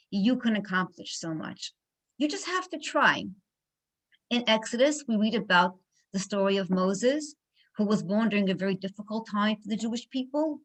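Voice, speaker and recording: Animated New woman telling stories. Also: mid-range voice, rough recording. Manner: animated storyteller, acts out dialogue. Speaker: guest speaker. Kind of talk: inspirational talk with storytelling.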